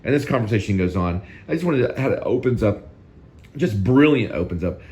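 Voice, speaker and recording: Deep-voiced man rambling about films. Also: expressive, brisk, darkish tone. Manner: rambling, repeats himself. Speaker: host. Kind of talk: casual film commentary.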